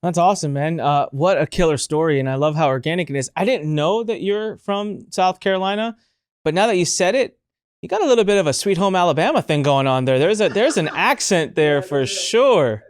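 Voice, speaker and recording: Upbeat podcast host, dry close sound. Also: male voice, a little high, brisk, clean tone, no room sound. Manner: energetic and upbeat, addresses listeners directly. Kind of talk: casual podcast interview.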